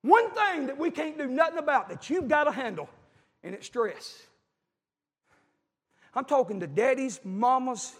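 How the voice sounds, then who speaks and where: A preacher with a strikingly high voice delivers a fervent, folksy sermon. He calls out to his congregation as he preaches. His voice rings through a large, reverberant church hall. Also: expressive, unhurried, pauses often, husky. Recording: echoey hall.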